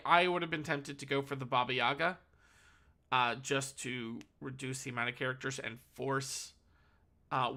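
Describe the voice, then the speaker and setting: A man's voice: mid-range voice, bright, forceful tone. A man calling a card game tournament solo, analytical and thinking aloud, correcting himself as he goes. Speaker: tournament caster.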